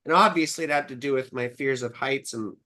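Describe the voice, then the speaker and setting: A woman's voice: rumbling low, fairly quick. A young adult woman hosting a live astrology stream, chatting casually and telling stories with lots of swearing. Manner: profane, chatty, animated storytelling. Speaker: astrologer host.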